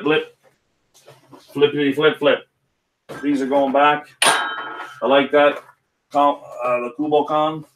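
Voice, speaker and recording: A man's voice: medium pitch, pushed and bright, slight background noise. A man hosting a casual whisky live stream, rambling and chatting with viewers by name. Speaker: livestream host.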